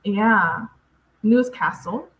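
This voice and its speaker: A woman's voice: medium pitch, drawn-out words. A woman co-hosting a casual reaction video, teasing and playful with lots of laughter. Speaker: reaction channel co-host. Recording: echoey room.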